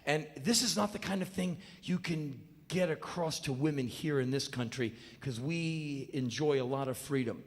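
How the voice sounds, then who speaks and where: A man telling a story in a live spoken word show, blunt and sardonic, with sudden loud outbursts. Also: on the high side, normal speed, hardly any pauses. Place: stage before an audience. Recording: live stage with long reverb.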